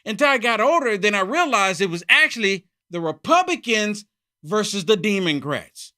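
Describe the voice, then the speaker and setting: A man hosting his own political commentary monologue, emphatic and repeating his points, swinging from loud outbursts to muttered asides. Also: high voice, sing-song, normal speed. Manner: emphatic, repeats phrases for effect. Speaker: channel host.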